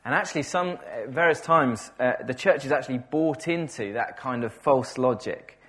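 A man's voice: mid-range voice, moderate pace, a bit bright. A man preaching a sermon in a conversational way, often repeating words and correcting himself, enthusiastic about the passage.

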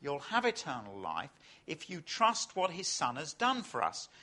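Lively, bright-voiced preaching man. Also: fairly high pitch, unhurried. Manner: animated, storytelling preacher with rhetorical questions. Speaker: Anglican clergyman. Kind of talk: sermon.

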